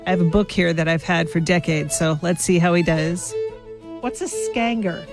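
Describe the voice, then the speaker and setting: A woman's voice: on the low side, little pitch movement, brisk, creaky, music in the background. A woman hosting a radio morning show, chatting casually in a bubbly, playful way and laughing easily.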